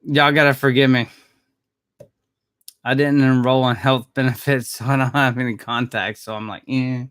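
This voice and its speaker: A man's voice: mid-range voice, level tone, moderate pace, long pauses, fairly bright tone, clear, resonant tone, no echo. A man chatting casually on a live stream with viewers, laid-back and rambling, chuckling often and swearing now and then. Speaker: maintenance worker streaming live. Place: Jacksonville.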